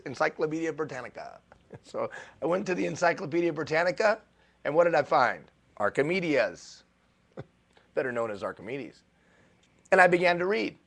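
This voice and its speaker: A male motivational speaker giving a live keynote talk, animated and self-deprecating, repeating phrases for emphasis. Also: a little high. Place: stage before a live audience.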